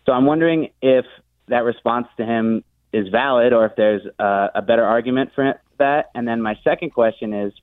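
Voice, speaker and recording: A man calling a radio show by phone, asking a question in a halting way with many pauses. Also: medium pitch, no room sound. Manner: halting, searching for words. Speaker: caller. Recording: tinny phone line.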